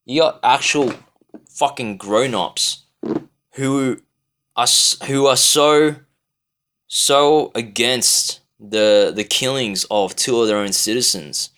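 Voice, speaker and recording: An Australian man rants to camera in a loose, rambling way, swearing constantly and sounding exasperated. His voice sits at an ordinary middle pitch, and he stumbles through fillers and restarts. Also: a bit bright, clear, resonant tone. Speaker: vlogger. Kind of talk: ranting monologue.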